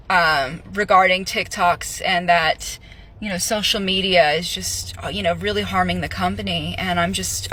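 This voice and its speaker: A woman's voice: mid-range voice, a bit bright. A young woman in a casual vlog, sarcastically telling how she was fired from her retail job. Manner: sarcastic, laughing, quick asides.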